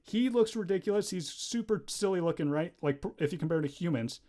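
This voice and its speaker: Young guy rambling on his stream while drawing, bit high voice, keeps getting distracted and yelling whoa. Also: fairly quick. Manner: rambling, easily distracted, laughs often; bursts of loud excited exclamations. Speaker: livestreaming animator. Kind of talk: casual livestream chat while drawing.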